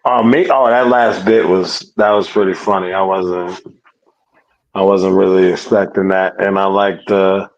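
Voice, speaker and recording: A man, a show participant, talking haltingly over a video call and repeating himself. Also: low-pitched, steady tone, highs cut off.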